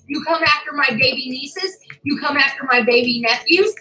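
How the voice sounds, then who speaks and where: A woman's voice: sits high, normal speed, hardly any pauses, sharp tone, roomy sound, rough recording. A woman ranting furiously to her channel, swearing and making threats, near tears with anger. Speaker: YouTuber. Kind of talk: angry rant to camera.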